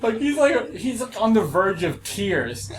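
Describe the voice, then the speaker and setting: A young man telling stories in casual chat, swearing often, laughing a lot and loudly acting out what people said. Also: sits high, very animated, a little slow. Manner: profane, laughing, acts out quotes loudly. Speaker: podcast co-host.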